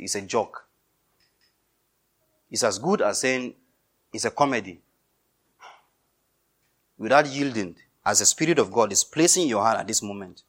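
A male pastor preaching a sermon, emphatic and repetitive, swinging between loud insistence and quiet intensity. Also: fairly low pitch.

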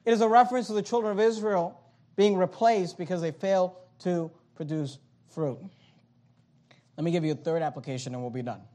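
A pastor preaching a sermon in a church auditorium, emphatic and repetitive, rising loud and dropping quiet. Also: male voice, high-pitched, brisk.

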